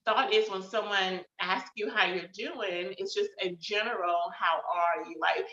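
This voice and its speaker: A woman's voice: medium pitch, a little slow, sharp tone. A woman hosting her own show, talking casually and reflectively about how she is feeling, with many fillers. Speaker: host. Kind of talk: casual personal check-in talk. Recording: roomy, slightly dull sound.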